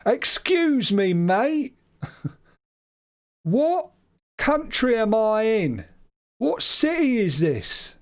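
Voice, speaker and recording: A man with a British accent voicing a condescending British tourist who talks loudly and very slowly to foreigners. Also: high voice, very animated, pitched above the performer's own voice, full character voice. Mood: mock-polite. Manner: overly loud and slow, exaggerated.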